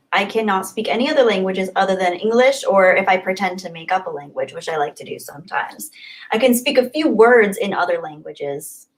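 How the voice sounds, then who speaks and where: In a rough recording, a young woman with a medium-pitched voice chats casually on a livestream. She goes through viewer messages with bubbly enthusiasm and laughs frequently.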